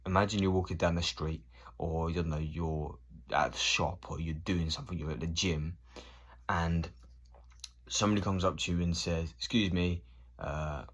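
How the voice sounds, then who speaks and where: A man's voice: low-pitched, a bit bright, husky. A man in his thirties ranting casually to camera, swearing and acting out both sides of conversations. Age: 30s. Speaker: vlogger.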